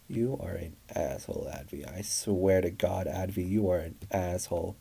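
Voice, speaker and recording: A man's voice: low voice, steady tone, fairly quick, vocal fry, few pauses, dark tone, slightly rough. A man reacting with outrage, stammering and swearing as he reads out screenshots. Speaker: commentary YouTuber.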